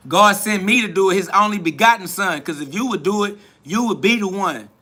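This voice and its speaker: A man's voice: high-pitched, a little fast, pushed and bright. A man hosting a live stream, boasting and trash-talking in a preachy, repetitive way, answering viewers' comments.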